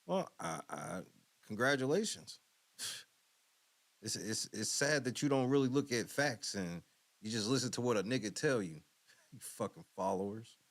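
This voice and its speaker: A man's voice: mid-range voice, lively intonation, moderate pace, pauses often. A man hosting a podcast, reacting to a clip with blunt, profane, mocking commentary. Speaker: podcast host. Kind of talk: casual commentary.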